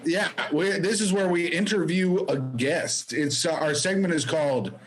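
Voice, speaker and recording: Guy cohost doing mock-formal intros, pretty high voice, dry jokes. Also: moderate pace, low-quality recording. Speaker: podcast co-host. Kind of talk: casual comedic banter.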